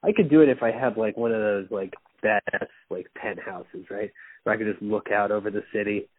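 A young man chats as a podcast guest, spinning loose, profanity-laced stories and laughing often. His voice is a bit husky. It comes through a narrow, phone-like line with a dry sound. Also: fairly low pitch, brisk, no echo. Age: young adult. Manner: rambling storyteller, swears freely, laughs often. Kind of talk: casual chat.

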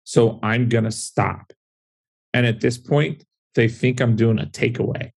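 A man's voice: mid-range voice, steady tone, a little slow, vocal fry. A man, a former police officer turned real estate investor, explaining in a casual podcast conversation with stories and frequent "right?" asides.

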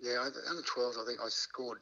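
A middle-aged Australian man tells stories in a bright, forceful voice, pitched right in the middle for a man. He laughs often, swears casually and keeps the tone of a relaxed chat. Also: normal speed, vocal fry, highs cut off. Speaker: guest, former rugby league player.

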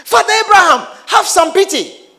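A desperate rich man in torment cries out again and again for pity, his voice pitched very high and swinging wildly as he begs, acted out by a man preaching. He sounds loud and strained in his anguish, a scripture scene played out in the middle of a sermon. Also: sing-song, normal speed, exaggerated voice. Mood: pleading. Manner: pleading, raised and strained.

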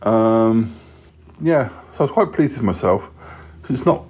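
A man's voice: lowish voice, expressive, unhurried, slightly rough. A man hosting a podcast, chatting casually and hesitantly from a hotel room. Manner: rambling, hesitant, with many ums. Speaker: podcast host. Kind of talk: casual solo chat. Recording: dull lo-fi sound.

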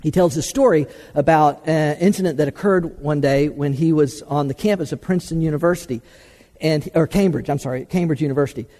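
A man preaching a teaching sermon, halting with many hesitations and repeated words, then pressing his points emphatically. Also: on the high side, warm tone, big-room sound. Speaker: preacher teaching a class on the problem of evil. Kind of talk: sermon-style teaching talk.

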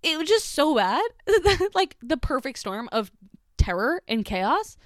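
A woman's voice: high-pitched, slow, no echo, clean studio sound. A woman casually telling a personal story, filling every sentence with "like" and swearing freely. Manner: chatty, heavy filler "like", swears, animated retelling.

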